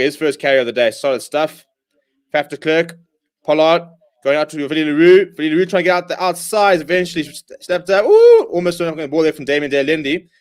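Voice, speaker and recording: Young male host, fairly high voice, excitable live watchalong commentary that swings between outbursts and muttering. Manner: excitable, shouts at big plays, reads viewer comments.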